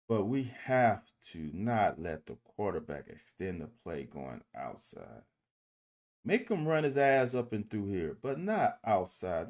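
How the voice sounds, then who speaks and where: A man giving casual commentary on football game film. He talks to viewers directly and critiques the plays in an animated, exasperated way, with swearing. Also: mid-range voice. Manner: addresses viewers directly as "y'all". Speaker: football film breakdown host.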